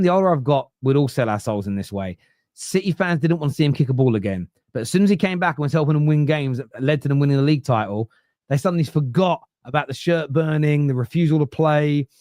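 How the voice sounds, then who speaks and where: A man's voice: on the high side, darkish tone, no echo, studio quality. A man hosting a football podcast, ranting casually with swearing, digressions and mocking asides. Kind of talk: casual opinionated rant.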